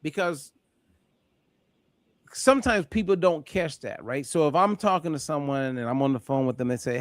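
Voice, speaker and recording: A man hosting a group call, telling an animated story and acting out the voices of people in it. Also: on the high side, moderate pace, dry recording, studio quality. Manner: animated, acts out voices in anecdotes. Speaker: host. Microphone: call audio.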